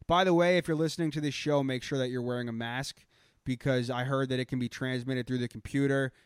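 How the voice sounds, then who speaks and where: A man's voice: mid-range voice, fairly even intonation, quick pace, smooth, no echo, clean studio sound. A man with a Boston accent co-hosting a podcast in crude, profane, rambling casual chat. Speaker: podcast co-host.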